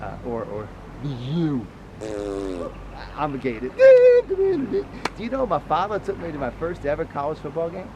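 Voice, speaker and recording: A man records a casual travel vlog outdoors, his high voice swinging wildly up and down. He jokes and breaks into loud chants. Loud wind rushes over the microphone. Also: highs cut off. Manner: excitable, jokey, jumps to loud chants. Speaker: sports travel vlogger. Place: outdoors at a stadium, windy.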